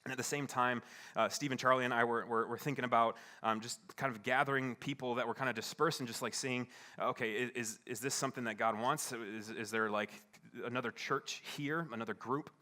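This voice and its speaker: A man preaching a sermon as a pastor, telling a personal story in an earnest, halting way, often restarting his sentences and swinging between hushed and emphatic. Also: mid-range voice, fairly even intonation. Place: church service.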